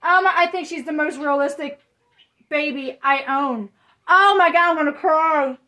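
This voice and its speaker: A woman who collects reborn dolls, gushing breathlessly in an excited unboxing vlog and shaky with excitement. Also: high-pitched, measured pace.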